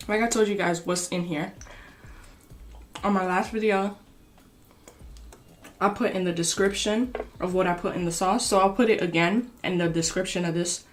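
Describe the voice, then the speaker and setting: Slow-talking woman hosting an eating show. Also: lowish voice, a little hiss or hum. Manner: unhurried and chatty, with pauses to taste and murmur. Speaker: mukbang host. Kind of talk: casual eating-show chat to camera.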